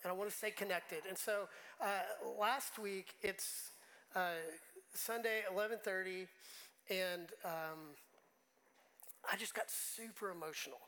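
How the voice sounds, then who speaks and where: A man's voice: high-pitched, a little slow, sharp tone, poor audio. A man preaching a sermon as pastor, talking conversationally and emotionally, often restarting his words.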